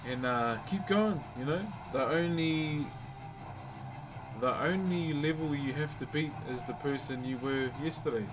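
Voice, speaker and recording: A man's voice: a little high, low-quality recording. A man with a New Zealand accent, live-streaming his wood carving and chatting casually with viewers, calling everyone bro. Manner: laid-back, calls everyone bro. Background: music playing.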